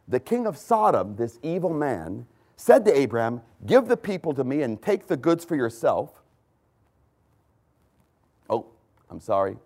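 A man preaching a sermon, swinging from loud emphatic lines to hushed ones and pausing to correct his own slips. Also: mid-range voice. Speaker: pastor.

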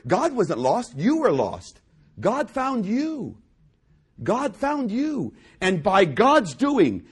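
Male preacher, husky tone, very animated pitch, emphatic repetition. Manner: swings from loud emphatic repetition to low hushed delivery. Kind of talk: sermon.

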